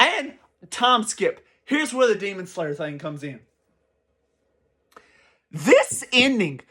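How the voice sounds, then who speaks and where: A young man giving casual, excitable commentary as a channel host, rambling and swearing freely. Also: sits high.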